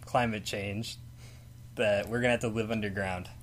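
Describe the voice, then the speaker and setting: A man's voice: on the low side, fairly even intonation, moderate pace. A man on a casual podcast chat, speaking in a matter-of-fact way.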